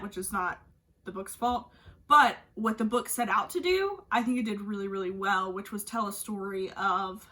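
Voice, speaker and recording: A woman's voice: mid-range voice, pushed and bright. Gushing chatty woman book vlogger. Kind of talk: casual book review chat.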